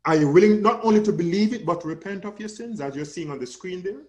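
A man's voice: high-pitched, expressive, quick pace, darkish tone. A man preaching a sermon with an emphatic, rising and falling cadence, calling listeners his friend.

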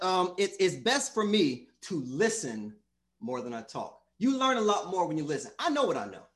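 A male preacher delivers a sermon with emphatic, repetitive phrasing. He speaks straight at the congregation. His voice is high and lively, ranging widely in pitch.

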